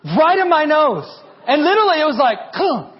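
A high-voiced man in his thirties delivers a lively, humorous sermon, jumping between teaching and family stories. The recording sounds dull and muffled. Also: a little fast. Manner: animated, humorous storytelling. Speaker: pastor.

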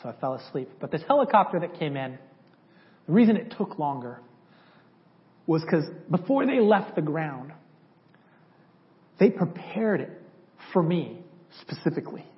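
Man telling his testimony, higher-pitched voice. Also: sing-song, a little slow, pauses often. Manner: conversational, acts out dialogue from memory. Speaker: church speaker sharing his testimony. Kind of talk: personal testimony storytelling. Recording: slightly dull lo-fi audio.

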